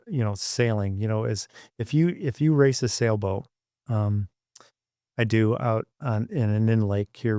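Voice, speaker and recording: A man's voice: fairly low pitch, clean tone, no echo, studio quality. A middle-aged man from Michigan, a podcast guest and former engineer, telling stories in an interview and acting out the people he quotes. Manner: animated storyteller, acts out quoted voices. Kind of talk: storytelling interview.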